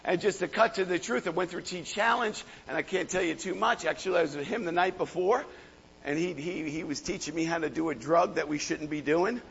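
A hoarse male pastor preaching a fervent sermon, shouting at the peaks and calling out to the crowd. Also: fairly high pitch, fairly quick, slight background noise. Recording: echoey hall, dull lo-fi sound.

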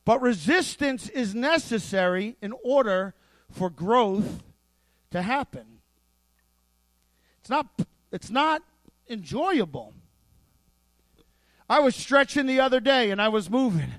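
A man preaching a sermon, animated and playful, with asides worked into his points. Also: very high voice, unhurried, no echo. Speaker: pastor.

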